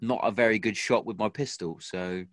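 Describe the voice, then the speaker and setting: A man's voice: on the low side, normal speed, background noise. A man and army veteran, telling a war story in casual chat with a lot of swearing and acted-out quotes.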